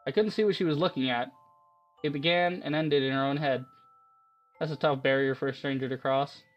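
A man reading the lines of a quiet, dreamy teenage schoolboy narrating his memories in a soft, reflective way. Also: medium pitch, fairly even intonation, fairly quick, dull audio, soft background music, natural voice.

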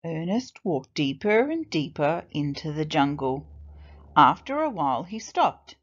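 A woman teacher reading a children's storybook aloud in an expressive, deliberate way. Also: deep voice, lo-fi sound.

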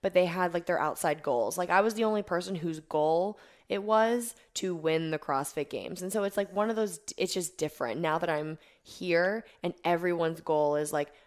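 Young woman, low-ish pitch, casual and animated, filler-heavy storyteller, podcast guest. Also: normal speed, few pauses. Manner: animated storyteller who acts out her own quotes, many fillers. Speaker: podcast guest, competitive athlete.

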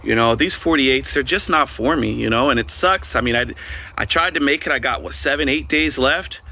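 A man's voice: medium pitch, normal speed, sharp tone. A man talking candidly to his vlog audience, frustrated and hard on himself, recorded outdoors on a porch. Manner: frustrated, candid, self-critical. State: out of breath. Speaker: vlogger. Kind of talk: casual vlog.

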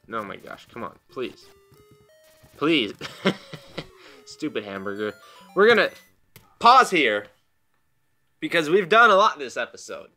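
A man's voice: medium pitch, gravelly, pushed and bright. A young man casually commenting on his own gameplay at home, joking at his own expense and laughing often. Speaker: gaming channel host. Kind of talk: casual let's play commentary. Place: home room.

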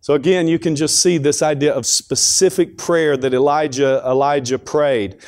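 A man's voice: on the high side, steady tone, normal speed, a little mellow. A man giving a devotional talk at a school chapel, speaking conversationally with frequent restarts and repeated words.

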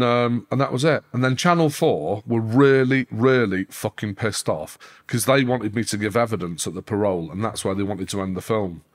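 A man, a podcast guest telling a story in a casual interview, cursing constantly and leaping up in pitch when worked up. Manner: sweary, animated, pitch leaps up when worked up.

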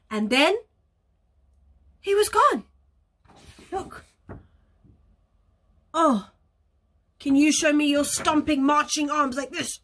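A woman teacher reading a picture book aloud to young children, animated, gasping and coaxing them to join in. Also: high-pitched, slow pace, pauses often. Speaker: early years teacher.

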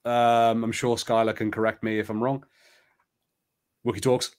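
A man's voice: mid-range voice, level tone, normal speed, clear, resonant tone. A man hosting a live play-along stream, chatty and rambling, reading an adventure book aloud. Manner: chatty, rambling, many fillers.

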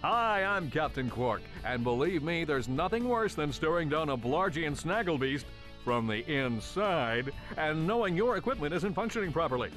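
Captain Quark, brash and boastful. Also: male voice, sing-song, moderate pace, a bit bright. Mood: boastful pitch. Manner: brash salesman pitch. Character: boastful male alien hero doing an advert. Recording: game audio with music.

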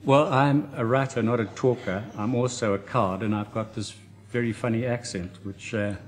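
A man's voice: mid-range voice, fairly even intonation, normal speed. A South African man in his fifties, an author guest on a chat show, talking with dry, self-deprecating humour. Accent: South African English.

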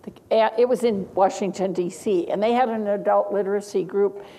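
A woman's voice: mid-range voice, fairly even intonation, normal speed, mellow, poor audio. An older woman giving a teacher-training lecture, chatty, with asides and small laughs. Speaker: lecturer on reading instruction.

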